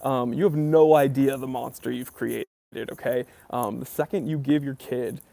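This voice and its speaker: A man's voice: medium pitch, steady tone, normal speed, gravelly, dark tone, no room sound. A man hosting a casual live stream about watches, reading viewers' chat comments aloud and answering them in an easygoing, rambling way full of ums and uhs. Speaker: watch channel host.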